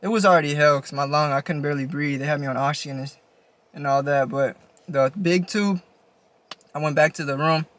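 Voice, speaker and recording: A man's voice: fairly high pitch, steady tone, brisk, a bit bright. A young man telling a story on his own vlog channel in a laid-back, slangy, casual way. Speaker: YouTuber.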